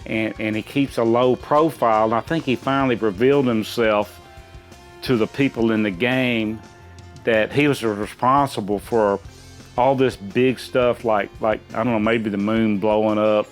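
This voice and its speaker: Middle-aged dad, folksy and rambling, casual chat with faint music underneath. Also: male voice, lowish voice, steady tone, normal speed. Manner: rambling and folksy, many restarts. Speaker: quiz contestant.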